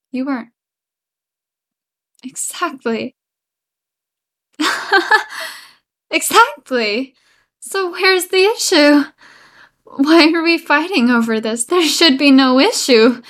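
A woman's voice: high-pitched, a bit bright, full character voice. A woman acting an obsessive, unstable young woman in a listener-directed audio role-play, pleading sweetly and then turning menacing. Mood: unhinged, menacing. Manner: sweetly pleading, swinging into menacing outbursts and nervous laughs.

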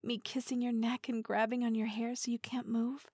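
Give me a playful, dominant young woman voiced by an actress in an intimate audio role-play, with a slightly high, breathy voice. She teases slowly and giggles often, dropping into soft half-whispers close to a dry-sounding mic. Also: dry recording. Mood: teasing. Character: playful teasing dominant female partner.

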